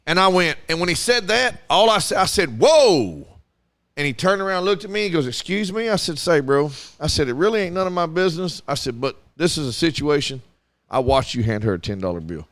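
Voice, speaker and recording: A man co-hosting a casual talk show, telling a story in a lively, profane way and acting out the quotes. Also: on the high side, fast talker, dry recording. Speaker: radio show co-host.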